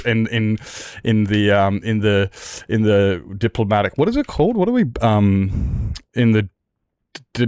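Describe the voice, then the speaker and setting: A man's voice: medium pitch, darkish tone, no room sound, studio quality. An Australian man streaming a game and ranting, heated and sweary, jumping between points. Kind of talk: live-stream rant while gaming.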